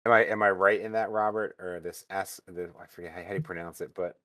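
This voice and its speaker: Rambling, low-voiced male panelist. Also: fairly even intonation, fairly quick, fairly bright tone. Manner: rambling, heavy on fillers like "you know". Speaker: podcast panelist. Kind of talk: casual book discussion.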